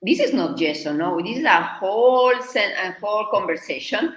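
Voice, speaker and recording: Lively woman teaching Spanish learners. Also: normal speed, roomy sound, rough recording. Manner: lively, emphatic, says "boom" for emphasis. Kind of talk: explaining language-learning tips in conversation.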